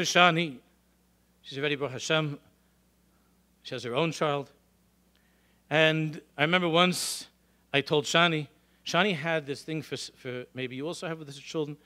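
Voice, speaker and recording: In a synagogue hall, a middle-aged rabbi addresses his congregation with lively stories and rhetorical questions, speaking in a high-pitched voice.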